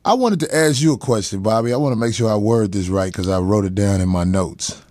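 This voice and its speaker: A man's voice: lowish voice, fairly quick, a little mellow, dry recording. A middle-aged man hosting a talk show as a comedian, telling stories casually with a lot of profanity and frequent laughter. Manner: profane, laughing, chuckles mid-story; drops into character voices for quoted people. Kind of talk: casual storytelling chat.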